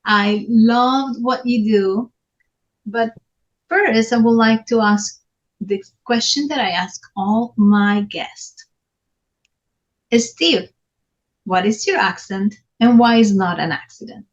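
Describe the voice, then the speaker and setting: A woman hosting a podcast interview with a measured, deliberate delivery. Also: a little high. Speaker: podcast host. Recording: dull lo-fi sound.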